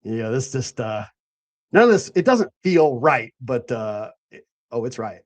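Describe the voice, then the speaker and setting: Animated, swearing male host. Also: medium pitch, a little slow. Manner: animated, profane, rambling. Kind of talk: casual chat.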